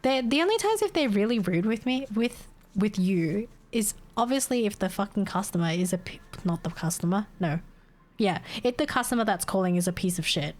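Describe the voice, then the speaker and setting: A woman's voice: medium pitch, lively intonation, a little fast, a little mellow. A young woman, chatting casually on a live stream, venting in exasperation, laughing often and swearing.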